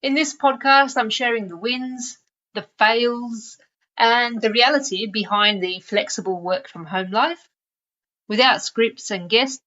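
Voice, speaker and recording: A woman's voice: on the high side, a little slow, bright, forceful tone, muffled recording. A woman hosting a solo podcast, chatty and lightly sarcastic, talking straight to the listener. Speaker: podcast host.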